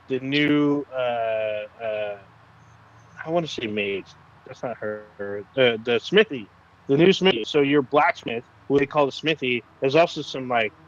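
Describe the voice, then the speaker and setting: A man's voice: medium pitch, lo-fi sound. A man co-hosting a casual gaming podcast, talking loosely with plenty of swearing and filler words. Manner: loose and profane, lots of fillers. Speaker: podcast co-host.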